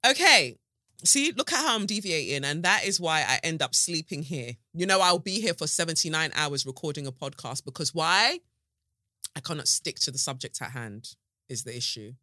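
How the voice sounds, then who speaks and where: Brief: woman, podcast host, bright forward voice, rambling playful solo chat, dry close sound. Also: low-pitched, animated, normal speed, dry recording. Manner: chatty, digressive, playful. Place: home office with echoey window. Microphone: desk mic close to face.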